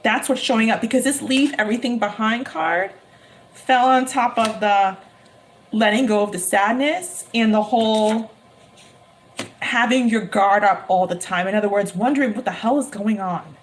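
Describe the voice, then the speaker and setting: A high-voiced woman doing a live-streamed tarot reading. She is emphatic and excitable and repeats her lines over and over, with faint noise behind her. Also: normal speed. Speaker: tarot reader.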